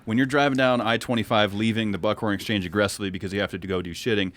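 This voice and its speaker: Male podcast co-host, low voice, brisk delivery, leads the segments. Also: steady tone, a bit bright. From Colorado. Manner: storytelling, segues into news items. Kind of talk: casual chat.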